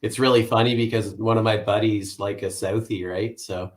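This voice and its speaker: A man from Canada chatting casually, relaxed and a little hesitant. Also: on the low side, normal speed. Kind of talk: casual chat.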